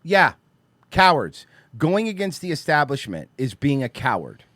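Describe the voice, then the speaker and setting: A podcast host with a rather high voice speaks at a measured pace in a dry recording. He tells stories on a casual show, swearing freely and animatedly acting out the quotes.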